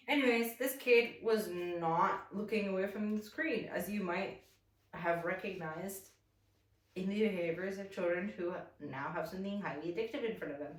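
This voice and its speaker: A fitness instructor with a lowish voice leads a morning stretching routine while telling a casual, rambling story at a moderate pace. She's chatty and gets animated acting out the tale, and the sound is roomy and distant.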